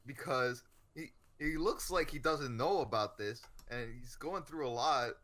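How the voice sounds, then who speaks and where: A man's voice: medium pitch, unhurried, fairly bright tone. A man co-hosting a podcast in casual chat, musing earnestly in long run-on thoughts. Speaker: podcast co-host.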